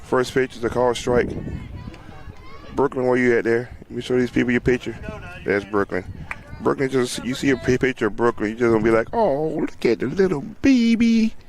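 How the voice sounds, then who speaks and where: A man giving casual, chatty play-by-play of a youth softball game outdoors, often laughing and talking to viewers and players. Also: mid-range voice, flat delivery, a little fast. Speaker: sideline livestream commentator.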